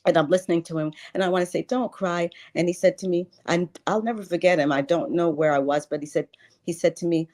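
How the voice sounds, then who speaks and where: Low-voiced woman in her sixties, earnest. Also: fast talker, a little mellow. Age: 60s. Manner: earnest, emphatic, repeats phrases for stress. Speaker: guest, life and wealth coach. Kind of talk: spiritual interview talk.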